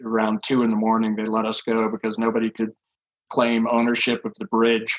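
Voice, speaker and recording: A man's voice: fairly low pitch, completely flat delivery, brisk, highs cut off. A man in his sixties, a podcast guest telling rambling stories with lots of fillers and chuckles. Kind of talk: casual anecdotal storytelling.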